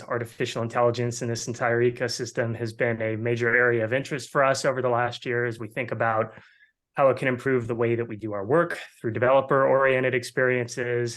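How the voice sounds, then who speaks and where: A man, an agency marketing executive, introducing himself on a video call panel in a measured, businesslike way. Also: mid-range voice, flat delivery, fairly bright tone.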